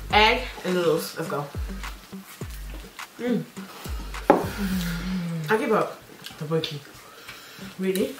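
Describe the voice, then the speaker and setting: A woman's voice: mid-range voice, recorded from a distance. A woman vlogging a spicy food challenge, playful and groaning as she mumbles through mouthfuls. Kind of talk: casual challenge vlog. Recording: echoey room with music behind.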